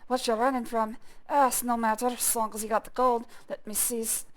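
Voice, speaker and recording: A woman voicing a drunken, gruff male pirate sea captain in a video game, with a slurred, blustering brogue-like delivery. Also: on the high side, level tone, fairly quick, natural voice. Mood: slurring.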